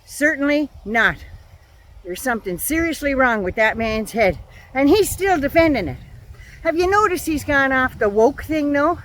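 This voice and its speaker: A woman's voice: sits high, lively intonation, moderate pace, fairly bright tone, a little hiss or hum. An older woman vlogging a political rant, angry and sarcastic, swearing freely.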